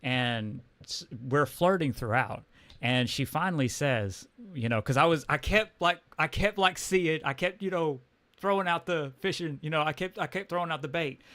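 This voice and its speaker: A man's voice: a little high, a bit bright, no room sound. A man from Texas with a Texan accent, telling a personal story on a livestream in a casual, rambling way, full of restarts and fillers. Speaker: comics livestream host.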